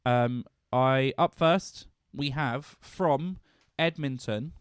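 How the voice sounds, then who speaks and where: A man's voice: mid-range voice, very slow, smooth, dry recording, studio quality. Playful, jokey man on a podcast. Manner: playful, jokey, laughs often. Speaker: podcast co-host. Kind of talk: casual chat.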